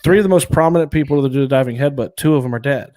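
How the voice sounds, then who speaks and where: A man's voice: mid-range voice, very fast, a little mellow. A man co-hosting a podcast in casual chat, opinionated and talkative, calling out to viewers. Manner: chatty, opinionated, calls out to live viewers. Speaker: podcast co-host.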